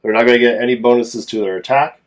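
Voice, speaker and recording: A man's voice: mid-range voice, fairly even intonation, quick pace. A man casually narrating and playing a solo tabletop game as game master, thinking aloud as he rolls dice.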